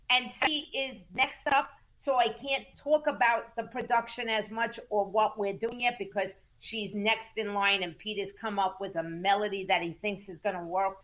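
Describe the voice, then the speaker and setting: A woman guest in a casual interview, telling music business stories in an animated, emphatic way, repeating words for stress and cursing casually. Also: mid-range voice. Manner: acts out quoted voices in lively storytelling. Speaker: music manager and entertainment attorney, guest.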